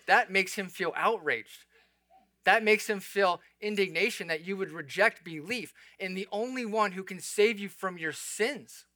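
A man's voice: high-pitched, pushed and bright, no room sound. A man preaching an expository sermon, explaining the text in an earnest, conversational way with asides to the listeners. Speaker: pastor.

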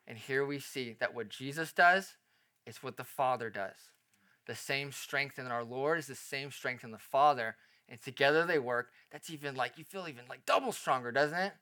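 Bright-toned, emphatic male preacher. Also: medium pitch, moderate pace. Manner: animated, emphatic preaching with rhetorical questions. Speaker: pastor. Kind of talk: sermon.

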